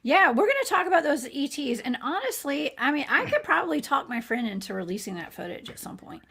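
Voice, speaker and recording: A woman with a Georgia Southern accent chats as a guest on a livestream, folksy and quick to laugh. Her voice is somewhat high, lively in pitch, with a gravelly, husky edge. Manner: folksy, laughs easily, says y'all. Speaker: guest, cryptid researcher. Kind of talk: casual livestream chat.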